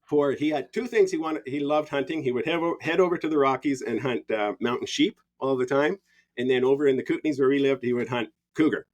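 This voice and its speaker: A man's voice: medium pitch, a little fast, darkish tone. Easygoing man telling hunting stories. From Canada. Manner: easygoing, rambling, laughs often. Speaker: podcast guest. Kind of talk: casual storytelling.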